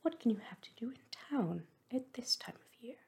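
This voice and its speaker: A woman's voice: on the low side, lively intonation, a little slow, dark tone, husky, heavily acted. Woman whispering as a nosy older hostess, whispered role-play. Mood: prying.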